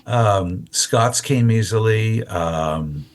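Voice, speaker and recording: A man in his seventies, an actor telling stories as a guest in an interview, who restarts and repeats words and stretches some words out slowly. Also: on the low side. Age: 70s. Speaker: actor and voiceover artist, guest. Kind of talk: casual interview storytelling.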